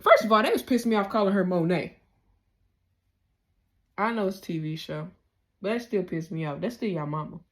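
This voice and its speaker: A woman recaps a TV episode in a loose, heated rant. She fires off profane rhetorical questions at her audience. Her pitch and loudness swing widely as she gets worked up. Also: moderate pace, long pauses. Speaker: TV recap host.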